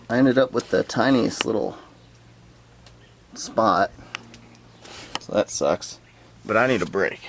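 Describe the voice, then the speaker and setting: A man with a lowish voice talks slowly through a camper floor repair, half to himself and half to the viewer. He sounds a little winded from the heat inside the camper, and a faint hiss sits under his voice. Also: lively intonation, vocal fry. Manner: unhurried, talks to himself while working. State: out of breath. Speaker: DIY restoration vlogger. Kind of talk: casual work commentary. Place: inside a hot vintage camper.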